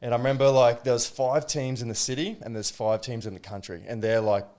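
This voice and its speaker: A young Australian man hosting a podcast, telling lively stories in casual chat, swearing and laughing often. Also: medium pitch, a little fast. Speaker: podcast host.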